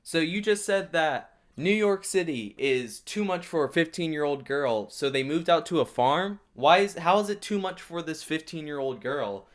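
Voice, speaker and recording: A man hosting a reaction video, giving casual comedic commentary with excitable, sarcastic asides. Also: a little high, moderate pace, few pauses.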